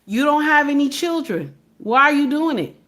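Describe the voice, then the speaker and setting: Her voice is high, expressive and a bit bright, moving at a moderate pace. This woman, an online commentator, delivers an emphatic sermon-style monologue, addressing listeners as sisters and peppering them with rhetorical questions.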